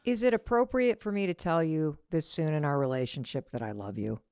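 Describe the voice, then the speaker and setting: A woman's voice: low-pitched, fairly quick, a little mellow, clean tone, dry recording, clean studio sound. A middle-aged woman hosting a casual conversation, candid and self-deprecating, swearing freely as she talks things through. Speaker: podcast host.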